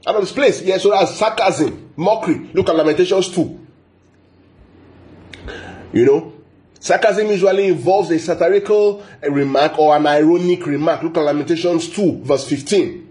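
Emphatic pastor teaching a sermon. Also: male voice, on the high side, moderate pace, darkish tone. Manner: repetitive, emphatic, asks the audience "yeah?".

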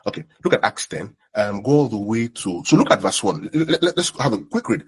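Young male pastor, husky, animated sermon delivery. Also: on the low side, fairly quick, hardly any pauses. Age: young adult. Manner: animated, repeats words, many fillers.

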